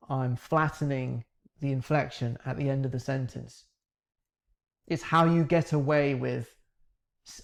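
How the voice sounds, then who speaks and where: A man teaching English, calmly breaking down the grammar of questions he asked in a recorded interview. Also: medium pitch, vocal fry. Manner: calm, reflective, breaks down grammar step by step.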